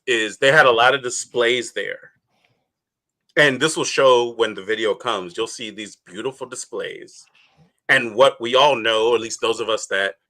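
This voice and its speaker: A man's voice: mid-range voice, sharp tone. A man co-hosting a podcast in casual chat, rambling with lots of fillers and laughing often. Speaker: podcast co-host.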